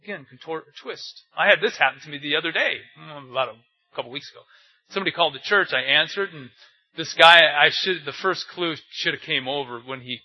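Husky high-voiced older male preacher. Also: fairly quick. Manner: asks rhetorical questions, tells anecdotes. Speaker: pastor. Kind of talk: conversational sermon. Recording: dull lo-fi recording.

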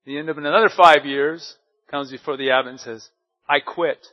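A male pastor with a somewhat high voice preaches a sermon in an easy, conversational way, often stopping to put rhetorical questions to his listeners. The recording sounds a little dull and lo-fi. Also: fairly even intonation, fairly quick. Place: church service.

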